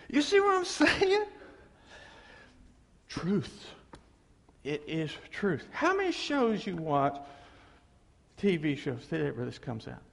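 Animated preacher in a reverberant hall. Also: male voice, high-pitched, very slow, long pauses. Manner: animated, emphatic, acts out quotes. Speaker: pastor. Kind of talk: sermon. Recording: long reverb of a big hall.

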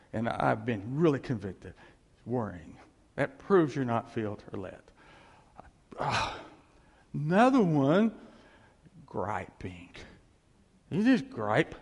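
Male pastor, animated casual sermon, echoing sanctuary sound. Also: medium pitch, slightly rough. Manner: animated, conversational, acts out quoted voices. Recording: long reverb of a hall.

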